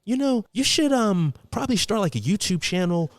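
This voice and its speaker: A man voicing an excitable young male friend who keeps urging him on, talking in drawn-out laid-back slang. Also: high voice, dry recording, voice pushed up. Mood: encouraging.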